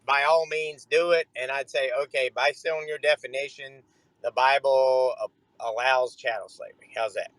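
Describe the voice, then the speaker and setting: A man's voice: mid-range voice, fairly even intonation, moderate pace, a bit bright, dry recording, low-quality recording. A man calling into a debate show, defending his view hesitantly with many fillers and restarts. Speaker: caller debating the hosts. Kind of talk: heated call-in debate.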